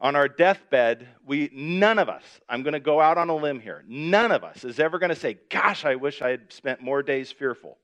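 A man's voice: a little high, lively intonation, normal speed, few pauses, a bit bright, dull audio. A man preaching a sermon in a conversational way, reading scripture verses aloud and explaining them with everyday examples. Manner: conversational, repeats and restarts, reads scripture aloud. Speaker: pastor.

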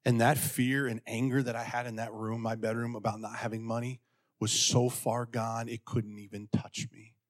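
A man delivering a sermon as a personal story. His voice sits at an ordinary middle pitch. He jumps up high when acting out lines and then falls back to hushed, earnest tones. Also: normal speed. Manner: animated, acts out quotes in a raised pitch; drops to a quiet, intimate tone. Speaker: pastor.

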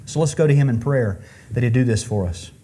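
A man giving a sermon before communion, slow and deliberate, often restarting words and rising and falling in pitch for emphasis. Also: mellow, slight background noise. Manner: rises and falls in pitch for emphasis. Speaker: pastor.

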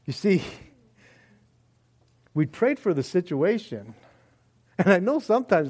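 A man preaching a sermon in a joking, animated way, acting out little prayers and voices as he goes. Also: high-pitched, measured pace, pauses often. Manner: animated, jokey, acts out quoted prayers and voices. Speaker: pastor.

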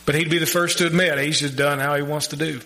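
A man preaching a sermon, earnest and conversational, with emphatic pauses and direct questions to the congregation. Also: fairly high pitch, steady tone, sharp tone, a little hiss or hum, rough recording. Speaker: pastor.

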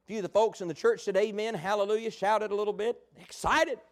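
High-voiced preacher. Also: male voice, fast. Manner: animated storytelling preacher, folksy. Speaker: pastor. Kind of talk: sermon.

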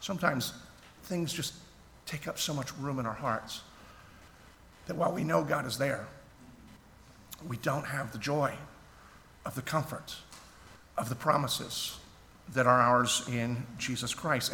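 Bright-voiced man preaching in an echoey hall. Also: medium pitch, moderate pace, long pauses. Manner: earnest, conversational preaching with restarts. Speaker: pastor. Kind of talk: sermon. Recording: echoey hall, faint background noise.

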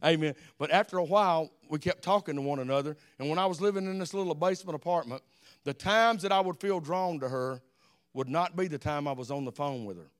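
A man's voice: on the high side, quick pace. An older man with an Alabama accent, preaching a folksy sermon, telling stories and dropping amens. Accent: Southern US, Alabama. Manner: folksy, repeats amen, animated storytelling.

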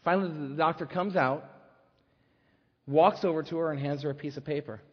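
A man preaching a sermon, telling a story in an animated way with frequent restarts. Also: on the high side, brisk, husky. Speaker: pastor. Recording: slightly dull lo-fi recording.

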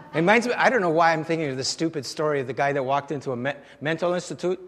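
High-voiced male pastor preaching in a reverberant hall. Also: fast talker, few pauses. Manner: conversational, rhetorical questions to the congregation. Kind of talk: sermon.

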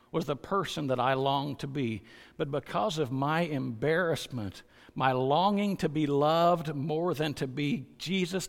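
Earnest preaching man, higher voice. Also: creaky, in a large hall. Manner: earnest preaching that swells into loud emphatic stresses. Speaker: pastor. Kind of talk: sermon.

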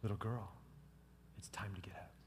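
A man voicing a gentle Jesus waking a young girl, in a hushed, tender whispered role-play. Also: on the low side, fairly even intonation, moderate pace, slight background noise, voice pushed down, lightly acted.

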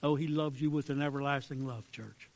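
A man preaching a fervent sermon, swinging between hushed pleading and loud emphasis. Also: mid-range voice, fairly even intonation, a little fast. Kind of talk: sermon with altar call.

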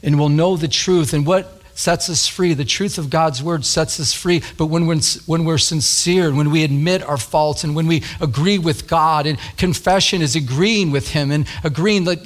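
Earnest, higher-voiced male pastor. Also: normal speed, hardly any pauses. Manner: earnest, conversational, animated storytelling. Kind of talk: storytelling sermon.

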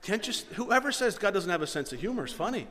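A man preaching a sermon, reading scripture and swinging between quiet reading and loud, mocking asides. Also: sits high, sing-song, fast, long reverb tail, crowd noise. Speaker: pastor.

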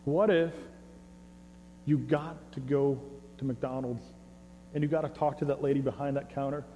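A man preaching a sermon and leading prayer in a conversational, animated way, often repeating words, recorded on a clip-on mic. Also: medium pitch, normal speed, dull audio. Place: church service hall. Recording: reverberant hall with faint hum.

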